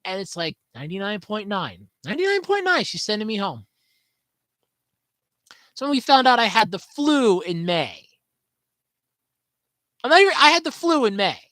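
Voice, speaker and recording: A woman's voice: mid-range voice, very animated, unhurried, long pauses, fairly bright tone, dry recording, poor audio. A woman hosting a solo podcast from home, telling a story in a chatty, sarcastic way. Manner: chatty and sarcastic, with swooping emphasis. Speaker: podcast host.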